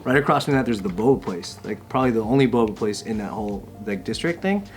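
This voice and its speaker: A man telling a casual story on a podcast, relaxed and descriptive. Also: on the low side, fast, faint music behind.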